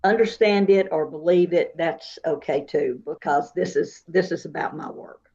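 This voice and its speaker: A woman, a psychic and Reiki practitioner, talking in an unhurried, soft-spoken way as an interview guest. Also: sits low, lo-fi sound. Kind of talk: casual interview talk.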